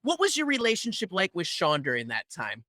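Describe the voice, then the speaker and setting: Bright, high-voiced male co-host who keeps the questions coming. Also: wildly swooping pitch, fairly quick, no room sound, studio quality. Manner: eager, prompting questions. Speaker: podcast co-host. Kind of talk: casual interview questions.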